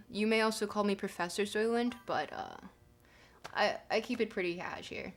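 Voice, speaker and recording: A woman's voice: mid-range voice, normal speed. A young woman streaming live, chatting casually and joking as she reads her chat aloud.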